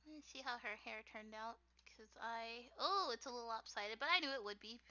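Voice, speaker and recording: Drawing live for her viewers, this young American artist streamer rambles, giggles and leans on lots of fillers. Her fairly high voice is bright and forceful, and she talks fairly quickly. The recording has a dull, lo-fi stream quality.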